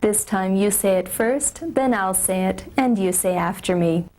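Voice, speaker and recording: A woman teaching phonics, slowly modeling each letter sound and word for learners to repeat. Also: medium pitch, a little mellow, rough recording. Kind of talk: scripted instructional narration.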